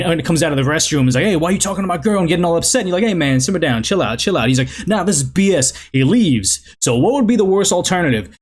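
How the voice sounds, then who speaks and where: Rambling man hosting a podcast. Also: on the high side. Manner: rambling, self-mocking, laughs often. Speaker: podcast host. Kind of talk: casual podcast commentary.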